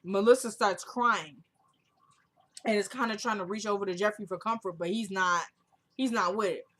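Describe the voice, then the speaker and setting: Woman vlogger, mid-pitched, casual chatty recap delivery that quotes the characters' dialogue. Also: normal speed, a bit bright. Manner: retells scenes by quoting characters' dialogue; chatty, laughs while recapping.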